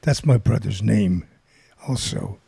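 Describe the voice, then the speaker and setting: An older man telling a long anecdote casually, rambling and animated, acting out the people he quotes. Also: on the low side, slow, creaky, husky, dry recording. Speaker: guest storyteller.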